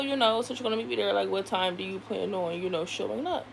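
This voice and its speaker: A woman with a slightly high voice tells a story while she does her makeup. She is chatty and animated, acts out everyone she quotes, and swears casually, with a faint hiss of noise under her voice. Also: brisk, creaky, hardly any pauses, rough recording. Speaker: beauty vlogger.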